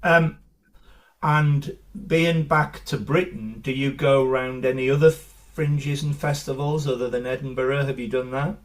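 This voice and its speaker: A man's voice: medium pitch, fairly even intonation, a little slow. Man, podcast host, mid-range voice, enthusiastic, filler-heavy questions. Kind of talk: casual interview chat.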